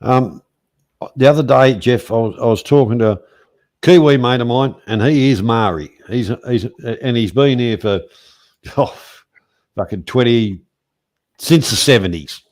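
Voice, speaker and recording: A man's voice: mid-range voice, measured pace, pauses often, darkish tone. A man with an Australian accent hosting a casual chat, telling rambling, irreverent stories and swearing. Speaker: host.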